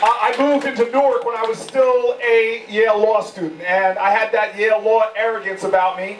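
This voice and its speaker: A man's voice: sits high, fairly even intonation, normal speed, slight background noise. A man giving a campaign speech to supporters at an indoor event, telling stories with impassioned, repeated rhetorical phrases. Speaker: political candidate addressing supporters. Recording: echoey, distant, humming room recording.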